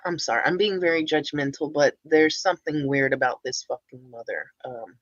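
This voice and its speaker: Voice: medium pitch, brisk, dry recording, lo-fi sound. A streamer giving casual, rambling reaction commentary, blunt and swearing often.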